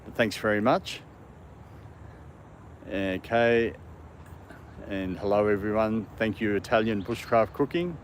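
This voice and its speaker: Australian man, low voice, chatty livestream host, reading viewer comments, outdoors, faint background noise. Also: takes it slowly, pauses often. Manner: chatty, reads out and answers viewer comments, talks to his dog. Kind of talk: casual livestream chat. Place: outdoor dog park.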